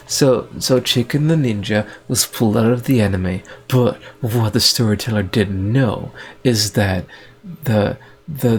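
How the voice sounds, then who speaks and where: A man improvising a spoken story in a rambling, hesitant way, with many restarts and fillers. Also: fairly low pitch.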